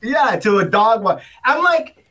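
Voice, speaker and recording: Co-hosting a casual podcast, a man tells rambling stories full of restarts, acting out other people's lines in funny voices. His voice is extremely high, expressive and bright with a forceful tone, a little slow, and he sounds far from the mic.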